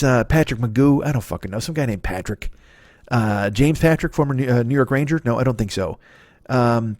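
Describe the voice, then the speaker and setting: A man's voice: mid-range voice, no echo, clean studio sound. A man in his fifties doing a rambling, profane comedic monologue as a podcast host. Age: 50s. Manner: profane, ranting, animated.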